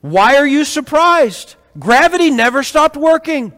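A man preaching a sermon to a congregation, telling stories with rhetorical questions in an animated way. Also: very high voice, measured pace. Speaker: pastor. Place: church hall with congregation. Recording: echoey hall.

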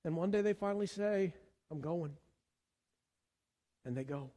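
In a church sanctuary, a male pastor delivers a sermon earnestly, often repeating words while he searches for the next one. His voice sits high and mellow, he talks at a quick pace, and the sound carries the echo of a large hall.

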